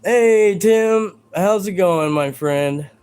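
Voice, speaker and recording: A man on a live stream who answers his chat in a combative, swearing rant. His voice sits a little high, and he lets the words come out slow and drawn. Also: darkish tone, smooth. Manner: combative and profane, ranting at chat.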